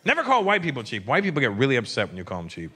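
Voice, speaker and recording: A male stand-up comedian performing a brash, profane set and acting out characters in quick quoted voices, live on stage. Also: mid-range voice, huge pitch swings, pushed and bright, husky. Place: large theater with a live audience. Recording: live stage recording with crowd noise. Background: audience laughter.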